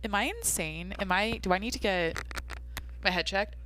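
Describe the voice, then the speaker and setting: A woman's voice: mid-range voice, moderate pace, a bit bright, dry recording. Rambling woman on a dry podcast mic. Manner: rambling, swears casually, talks to herself. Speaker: podcast host. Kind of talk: casual solo podcast chat.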